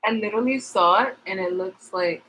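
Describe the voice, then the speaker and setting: A woman's voice: mid-range voice, fairly quick, fairly bright tone, slight background noise, rough recording. A woman vlogger chatting casually to her viewers, rambling and frank, swearing freely.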